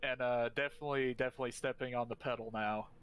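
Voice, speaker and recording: A man's voice: medium pitch, fairly even intonation, quick pace, fairly bright tone, clean tone. A man playing a tabletop game with friends, casual and swearing freely. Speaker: player.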